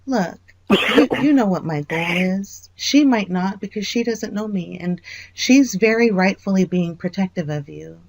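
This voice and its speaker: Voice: medium pitch, animated, unhurried, gravelly, dry recording. A person on a private phone call, speaking earnestly, apologizing and reassuring the other side. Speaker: caller.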